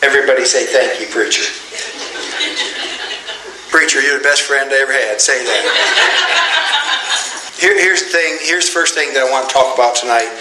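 A middle-aged pastor preaching a sermon in a church, tired, with a folksy, joking manner. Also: male voice, medium pitch, a little fast, pauses often, echoey room, heavy background noise. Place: church sanctuary.

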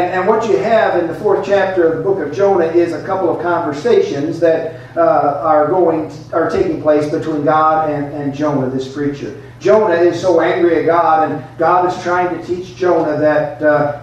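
A man's voice: on the high side, fairly even intonation, normal speed, few pauses, darkish tone, highs cut off. A man preaching a sermon in a folksy, emphatic storytelling way. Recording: echoey hall, mic far off.

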